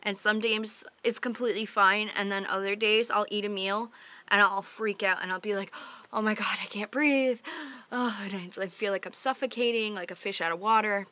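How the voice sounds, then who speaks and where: A young woman in a candid home vlog, talking earnestly and openly, sighing often as she calms down after a panic attack. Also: mid-range voice, brisk, a little hiss or hum. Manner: earnest and open, with frequent sighs and fillers. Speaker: vlogger. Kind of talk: candid personal talk to camera. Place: at home in the evening.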